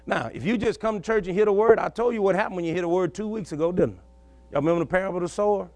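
A man's voice: high-pitched, very fast, darkish tone, no echo. A male pastor, preaching a sermon in a folksy call-and-response style and telling stories from his own life.

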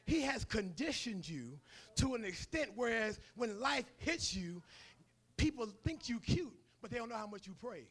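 A man's voice: very high voice, big pitch swings, normal speed, a bit bright, husky. A male preacher giving a sermon in a colloquial, storytelling manner.

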